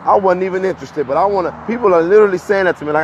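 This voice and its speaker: A fairly high-voiced man talks in to his live-stream viewers, a little out of breath as he walks uphill outdoors. He is animated, often repeats words and laughs between points. The phone audio is dull and lo-fi, with faint street noise behind him. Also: rapid-fire. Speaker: livestream host.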